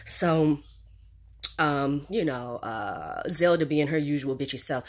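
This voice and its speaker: A woman's voice: low voice, expressive, slow pace. A woman, casually recapping a series on her channel, rambling with fillers and asides. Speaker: channel host reviewing a series.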